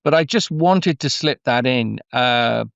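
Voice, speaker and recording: A middle-aged Englishman muses aloud at a medium pitch, wandering from thought to thought with warm enthusiasm and frequent restarts. His voice comes through a slightly muffled, dull line, and it sounds close and dry with no room around it. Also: unhurried, vocal fry, clear, resonant tone, no echo. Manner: meandering, effusive, full of restarts. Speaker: guest storyteller. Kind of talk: conversational interview.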